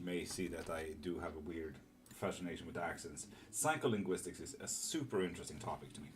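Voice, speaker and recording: Low-voiced guy on a live tarot stream, rambly and chatty, swears a bit, soft music behind. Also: brisk. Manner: rambling, chatty, swears casually, many fillers. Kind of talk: casual live-stream chat reading comments.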